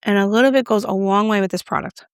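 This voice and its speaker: Chatty woman with a gravelly edge. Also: mid-range voice, fast, dry recording, studio quality. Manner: chatty, self-mocking, talks while applying makeup. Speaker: beauty vlogger. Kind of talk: casual makeup review to camera.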